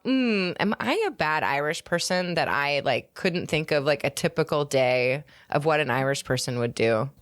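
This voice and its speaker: A woman's voice: low voice, lively intonation, normal speed, few pauses. A woman co-hosting a comedy podcast, bantering playfully and feigning indignation. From United States. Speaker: podcast co-host. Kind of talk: casual chat.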